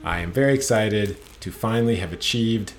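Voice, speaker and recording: Man playing a lowish, mock-British young elf, unhurried and smug. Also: soft background music, natural voice. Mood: pleased.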